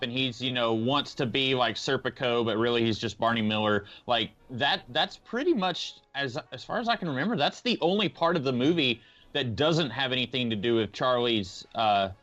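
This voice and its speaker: A man co-hosts a podcast, working through his thoughts on a film in halting, stop-start sentences. His mid-range voice comes through slightly dull and muffled. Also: mid-range voice, fairly bright tone. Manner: hesitant, many fillers and restarts. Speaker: podcast co-host. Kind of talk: casual film discussion.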